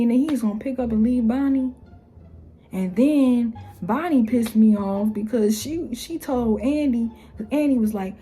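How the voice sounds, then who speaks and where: A young woman talking casually to camera, blunt and exasperated, with slangy phrasing and mocking quotes in a higher voice. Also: measured pace, warm tone, husky, faint music behind. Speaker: YouTuber. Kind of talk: casual opinion vlog.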